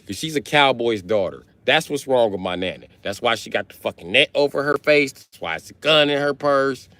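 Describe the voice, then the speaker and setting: A man telling a comic family story on a live stream, full of slang and profanity. His pitch rises and falls with a lively, swinging range. The sound is dry, with no room echo. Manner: animated, profane, heavy slang.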